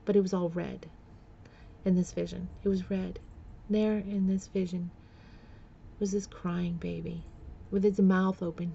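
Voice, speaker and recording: A woman telling a personal story on a vlog in a halting way, with many fillers and restarts, sometimes close to tears. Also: on the low side, little pitch movement, vocal fry, mellow, lo-fi sound, a little hiss or hum. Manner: emotional, close to tears at times. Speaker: vlogger.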